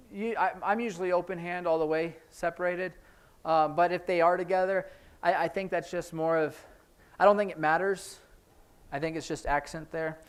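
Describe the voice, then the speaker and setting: A man leads a relaxed sign language lesson, chatting his way through each sign. His speaking voice sits a little higher than most men's. He talks informally and often pauses on fillers as he demonstrates. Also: smooth. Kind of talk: casual classroom teaching. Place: church classroom.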